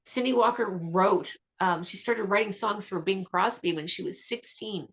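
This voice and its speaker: A woman vocalist talking as a guest in a radio interview, chatty and enthusiastic with quick asides. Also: medium pitch, a bit bright.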